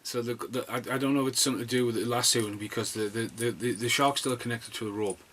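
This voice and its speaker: A man's voice: medium pitch, steady tone, quick pace, fairly bright tone, husky. A man giving a rambling, sarcastic and sweary review of a film. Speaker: movie reviewer. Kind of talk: casual comedic film review.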